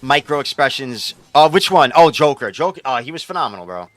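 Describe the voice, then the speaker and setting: A man's voice: medium pitch, animated, brisk, a bit bright, no echo. A young man, a game streamer rambling casually and profanely while he answers his chat.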